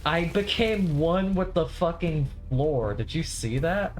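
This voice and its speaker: A woman streamer talks through her gameplay in a very deep voice, unhurried but swinging widely in tone. She swears and makes dry sarcastic remarks, with clear music running underneath. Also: expressive, darkish tone. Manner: swearing, frustrated outbursts, sarcastic asides. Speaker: gaming streamer. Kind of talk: casual gameplay commentary.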